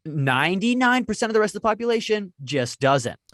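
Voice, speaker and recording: A man's voice: high-pitched, sing-song, brisk, a bit bright, no room sound, clean studio sound. A man in his twenties, a podcast co-host and comedian, telling stories in a rambling, self-deprecating way. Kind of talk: casual chat, storytelling.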